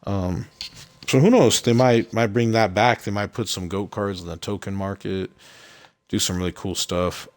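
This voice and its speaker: A man casually commenting on his own gameplay as a streamer, rambling and relaxed, with many ums and uhs. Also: fairly low pitch, moderate pace.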